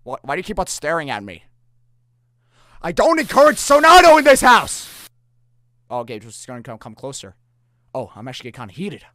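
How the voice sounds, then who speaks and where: A man hosting a let's-play reaction, jokey and excitable, breaking into shouts. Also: fairly high pitch, a little fast, pauses often, no room sound. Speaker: gaming channel host.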